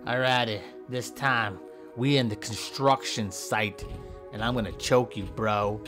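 A man giving goofy, trash-talking gameplay commentary with sudden high yelps and shouts. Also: a little slow, soft background music. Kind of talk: comedic let's-play commentary.

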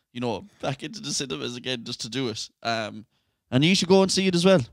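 A man's voice: mid-range voice, lively intonation, fairly quick, vocal fry, no echo, clean studio sound. An Irish man co-hosting a podcast, chatting casually with swearing and laughter. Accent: Irish, west of Ireland. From Ireland. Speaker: podcast co-host. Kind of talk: casual chat.

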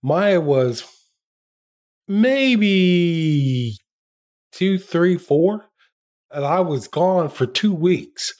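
An older man, a former TV journalist, telling lively anecdotes in an interview and acting out the quotes. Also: fairly high pitch, extremely slow, pauses often. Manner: lively anecdotes, acts out quotes, laughs often. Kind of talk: storytelling in a podcast interview.

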